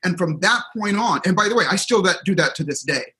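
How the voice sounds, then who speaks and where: Bright, energetic middle-aged man. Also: high voice, brisk, low-quality recording. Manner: energetic, acts out quotes and crowd reactions. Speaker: guest speaker, seminar trainer. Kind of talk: animated storytelling in a conversation.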